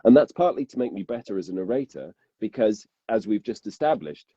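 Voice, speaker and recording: A man with a low, dark and husky voice, in casual conversation on a podcast. He rambles and starts his sentences over. The sound is dry and a bit muffled, like a lo-fi recording. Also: animated, fairly quick, no echo. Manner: rambling, self-interrupting, laughs often. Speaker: podcast guest, audiobook narrator.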